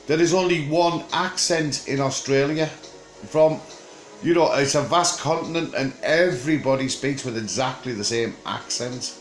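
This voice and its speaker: A man's voice: mid-range voice, soft background music. Rambling older man, Teesside accent, echoey. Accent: Teesside English. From England. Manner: rambling, jokey and chatty, with frequent filler pauses. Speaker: vlogger. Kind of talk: casual rambling chat to camera.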